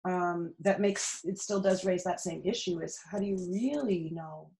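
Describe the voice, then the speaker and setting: A woman's voice: lowish voice, moderate pace, creaky, warm tone. Reflective Canadian woman in an echoey room. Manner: reflective, earnest, with many restarts. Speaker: podcast guest. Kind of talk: casual interview conversation.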